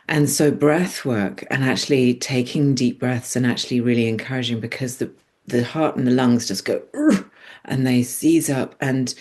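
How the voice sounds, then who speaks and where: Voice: mid-range voice, a little mellow. A podcast host talking in a chatty, rambling way, full of fillers and restarts, asking the guest questions. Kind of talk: casual podcast conversation.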